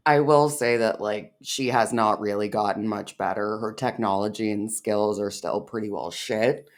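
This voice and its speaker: A woman's voice: very deep voice, normal speed. A woman co-hosting a reaction video, speaking in a dry, teasing way. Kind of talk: casual reaction chat.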